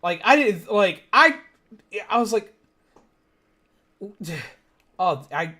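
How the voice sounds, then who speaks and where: A man's voice: high voice, big pitch swings, very slow, pauses often, pushed and bright. A young man streaming a video game, rambling in casual chat and swearing freely. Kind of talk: casual gaming commentary.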